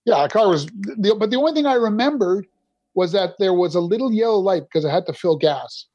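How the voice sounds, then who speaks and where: A man's voice: high-pitched, animated, a little fast, a little mellow, breathy edge, no room sound, lo-fi sound. A middle-aged man from Canada, a podcast guest, telling his recovery story candidly in a rambling way, restarting his sentences often.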